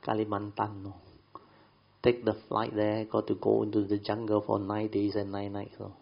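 Gravelly man. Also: on the low side, completely flat delivery, unhurried, lo-fi sound. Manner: rambling, frequent fillers and laughs, colloquial grammar. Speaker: speaker telling a story to a group. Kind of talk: casual storytelling.

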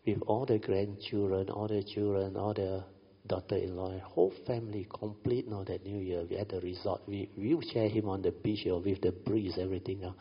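A middle-aged man with a low, husky voice and a Malaysian English accent tells a family story, often tossing in "you know". His voice carries a long hall reverb, and the recording sounds dull. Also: little pitch movement, brisk. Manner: chatty, frequent "you know", light laughs. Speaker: speaker recounting a family story. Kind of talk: storytelling talk.

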